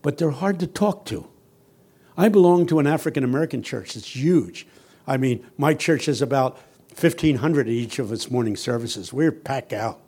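A man giving a sermon as a guest preacher, telling humorous stories that build from quiet, earnest passages to loud, shouting ones. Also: medium pitch, animated, normal speed, slightly rough. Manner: humorous, teasing the audience.

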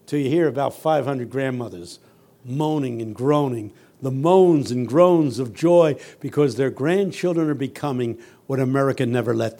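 A man giving a sermon as a guest preacher, telling humorous stories that build from quiet, earnest passages to loud, shouting ones. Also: mid-range voice. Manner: humorous, teasing the audience.

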